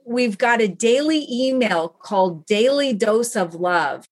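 A woman guest on a podcast, telling stories in an earnest, animated way about the work she does. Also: a little high, a little slow. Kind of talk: enthusiastic interview talk.

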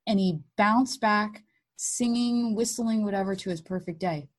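A woman speaking in an ordinary middle register tells her own story as an interview guest. She is animated and candid and slips into other people's voices when quoting them. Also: mid-range voice, a little slow. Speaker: guest, mother of blind sons.

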